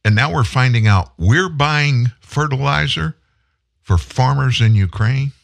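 A man's voice: medium pitch, measured pace, gravelly. A male host giving political commentary, indignant and full of rhetorical questions.

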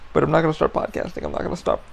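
A man hosting a solo podcast, venting his frustration in a gravelly voice full of fry and heavy swearing. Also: on the high side, huge pitch swings, rapid-fire. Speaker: podcast host.

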